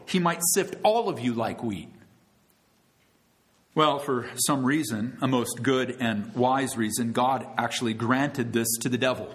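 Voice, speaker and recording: A man preaching an expository sermon, reading scripture verse by verse and adding asides, with his voice climbing for emphasis. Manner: earnest preaching, with sudden rises in pitch and loudness for emphasis; adds tag questions and asides to scripture quotes. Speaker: pastor.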